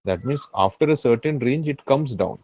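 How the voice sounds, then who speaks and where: A man's voice: medium pitch, lively intonation, normal speed, darkish tone, no room sound, rough recording. A man with an Indian English accent teaching a finance class, repeating key phrases and often checking that the students follow. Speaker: finance tutor. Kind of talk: live classroom lecture.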